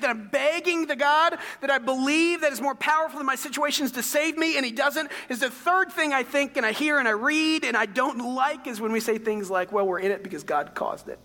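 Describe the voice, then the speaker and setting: High, bright-voiced male preacher in a hall. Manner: animated storytelling, swings between quiet and loud. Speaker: pastor. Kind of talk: sermon. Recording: long hall reverb.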